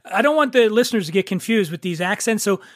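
A man's voice: sits high, expressive, fast, dry recording, clean studio sound. A man hosting a podcast in a loose, jokey, rambling way, mocking himself as he introduces his guests. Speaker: podcast host. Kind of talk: casual podcast talk.

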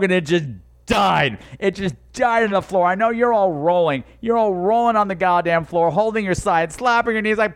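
A man's voice: high voice, normal speed, hardly any pauses. A man hosting a talk show, telling stories in a profane, sarcastic comedic rant and slipping into mocking voices.

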